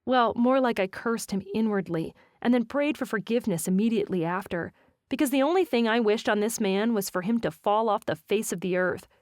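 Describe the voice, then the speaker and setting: A woman's voice: mid-range voice, a little fast, darkish tone, dry recording, studio quality. A woman narrating a romance novel in first person, with a wry, self-mocking inner voice. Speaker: audiobook narrator.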